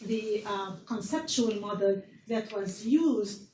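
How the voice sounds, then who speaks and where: A woman's voice: mid-range voice, takes it slowly, a little mellow. Woman lecturing in an echoey hall. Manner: earnest, repeats words while explaining. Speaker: university public health lecturer. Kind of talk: classroom lecture. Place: classroom. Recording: roomy lecture hall from far off with faint noise.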